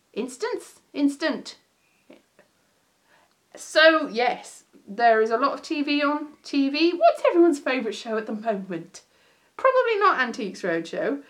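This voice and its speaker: A woman talking through a casual livestream in a fairly high voice. She rambles from one thought to the next, often stops to correct herself, and keeps a loose, chatty flow. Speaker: livestream host. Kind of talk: casual chat.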